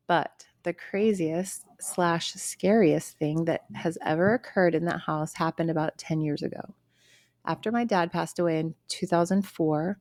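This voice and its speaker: A woman with a fairly low voice co-hosts a podcast, chatting casually and reading a listener's ghost story aloud. She reads earnestly and steadily, adding small asides. The sound is dry and close. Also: darkish tone, no echo. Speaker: podcast co-host.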